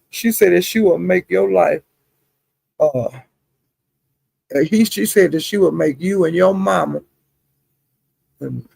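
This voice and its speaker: A woman runs her live stream like a kitchen-table gossip session, greeting viewers one by one and dropping "honey" and "child" as she goes. Her voice is gravelly and husky, with a slight rasp at the bottom of her range. The sound is dry and close, with almost no room in it. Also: fairly low pitch, dark tone, dry recording. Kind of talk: casual gossip commentary. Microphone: streaming setup.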